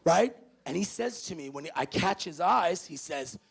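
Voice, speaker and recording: A motivational speaker from New City, a man, working a student crowd with a story. He talks with a gravelly rasp, sits a little high for a man, and acts out every character in his story. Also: expressive, measured pace, fairly bright tone. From New York City. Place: large hall with audience.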